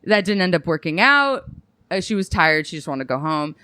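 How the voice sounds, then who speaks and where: A woman's voice: fairly low pitch, a little fast, clean tone, no echo. A young adult woman comedian, a podcast guest, telling a story with lots of swearing and self-mockery. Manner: animated storytelling with acted quotes and laughs. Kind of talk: casual podcast chat.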